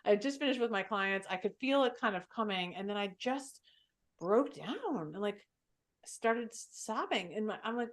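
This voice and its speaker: A woman's voice: mid-range voice, normal speed. A woman hosting a podcast, talking openly and reflectively in a casual way with lots of fillers. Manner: reflective and open, filler-heavy speech. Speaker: podcast host. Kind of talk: candid conversational podcast chat.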